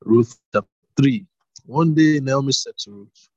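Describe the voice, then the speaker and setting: A man's voice: mid-range voice, unhurried, darkish tone, slightly rough, no room sound, muffled recording. A man reading a Bible story aloud, voicing the characters and adding casual asides. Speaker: reader.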